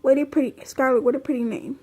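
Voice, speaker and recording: A woman voicing a calm, polite male animatronic bear in a storybook reading. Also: high voice, quick pace, slightly rough. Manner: calm and gentle.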